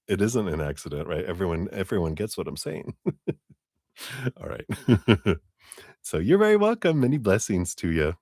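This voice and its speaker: A man's voice: low voice, sing-song, normal speed, darkish tone, no room sound, clean studio sound. A man hosting a live tarot reading, chatting casually in a rambling way, with lots of "you know" fillers and chuckles.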